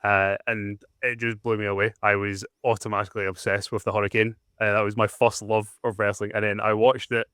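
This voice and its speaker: Low smooth young man, modest guest. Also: little pitch movement, brisk, few pauses, fairly bright tone, no echo, studio quality. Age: 20s. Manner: hesitant, modest. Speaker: podcast guest. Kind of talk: casual chat.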